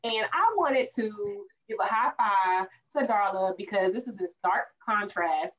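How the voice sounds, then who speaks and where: A woman co-host recaps an episode in casual podcast chat, acting out the characters' lines as she goes. Her pitch swings widely and stays lively. The recording sounds dull and lo-fi. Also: a little slow. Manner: animated, acts out characters' lines.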